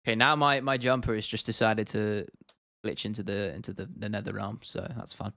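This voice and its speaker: A man's voice: lowish voice, fairly even intonation, fairly quick, vocal fry, pushed and bright, no room sound, clean studio sound. A young man from England hosting a casual livestream, reading out chat comments and rambling with frequent restarts and laughs. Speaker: livestream host.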